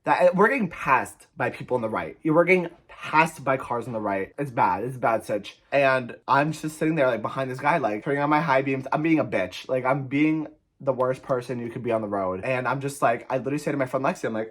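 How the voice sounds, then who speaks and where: A young man from New Jersey telling a frantic, profane storytime in a rambling, animated way. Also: mid-range voice, a little fast. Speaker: vlogger. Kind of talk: storytime vlog.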